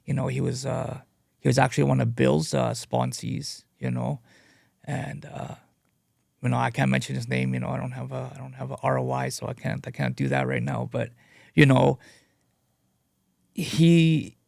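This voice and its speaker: A man sharing his addiction recovery story as a guest speaker. He talks in a halting, earnest way and leans on "you know" a lot. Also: mid-range voice, little pitch movement, gravelly, a little mellow, no echo, clean studio sound. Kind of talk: personal testimony, casual storytelling.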